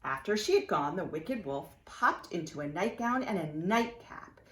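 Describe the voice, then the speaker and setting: A woman's voice: lowish voice, normal speed, roomy sound. A woman preschool teacher reading a storybook aloud to young children, inviting them to join in. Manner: animated, asks children to join in.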